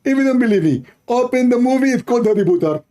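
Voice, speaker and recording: A man's voice: very high voice, lively intonation, quick pace, warm tone, voice pushed up. A man voicing a smug, insistent male debater in a mock-earnest, singsong way. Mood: smug insisting.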